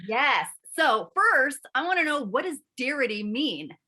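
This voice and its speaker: A woman's voice: high voice, big pitch swings, a little slow, pushed and bright. A woman, likely in her forties, hosting a conversational interview, asking curious, chatty questions. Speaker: interview host.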